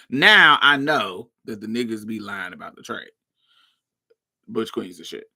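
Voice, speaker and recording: Animated storytelling woman, bright and lively. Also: very deep voice, slow, creaky, slightly rough. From Indiana, USA. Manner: animated, acts out every voice in the story; laughs often while telling. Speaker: podcast host. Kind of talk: storytime monologue.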